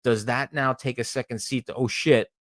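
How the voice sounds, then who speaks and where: A man's voice: mid-range voice, fairly even intonation, normal speed, no echo, clean studio sound. A man hosting a podcast, ranting in casual chat with lots of restarts and swearing. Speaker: podcast host.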